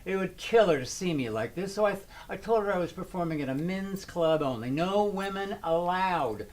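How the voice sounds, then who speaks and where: A man's voice: high voice, expressive, moderate pace. An older man acting a gay male drag performer, joking and wry in a TV drama.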